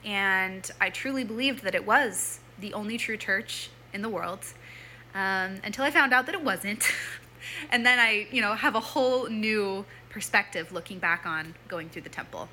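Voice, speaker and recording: A woman's voice: medium pitch, moderate pace, sharp tone, a little hiss or hum. A young woman telling a personal story in a chatty way, full of "like" and "um", often acting out her own past thoughts. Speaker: former church member telling her story.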